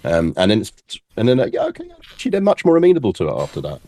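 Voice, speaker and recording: A man's voice: fairly low pitch, wildly swooping pitch, dark tone, no echo. A man, a guest talking about military history in a casual conversation, often restarting before explaining at length. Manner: halting, many restarts, then fluent explanations.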